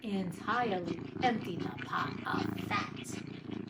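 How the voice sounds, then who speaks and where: A woman's voice: medium pitch, lively intonation, moderate pace, heavy background noise. A woman reading old fairy tales aloud, moving between plain narration and casual, blunt commentary. She talks to listeners directly and swears freely in her asides. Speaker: reader and host.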